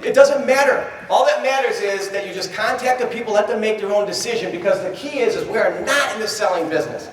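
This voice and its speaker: A man giving a live motivational seminar talk, animated, acting out little dialogues and quizzing the crowd. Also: sits high, fast talker, few pauses, slight background noise. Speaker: motivational trainer. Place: large event hall. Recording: echoey hall from far off.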